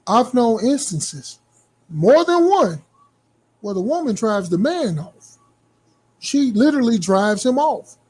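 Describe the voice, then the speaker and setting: A man with a fairly high voice pushes back in a podcast debate, questioning the other host and arguing his own side in a casual, conversational way. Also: big pitch swings, slow, long pauses, a little mellow, husky. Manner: challenging, argumentative.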